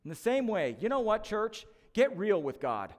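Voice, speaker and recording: Guy pastor with a really high voice, chatty emphatic sermon, cracks little jokes. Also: sing-song, moderate pace, big-room sound. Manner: conversational and emphatic, with joking asides. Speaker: lead pastor.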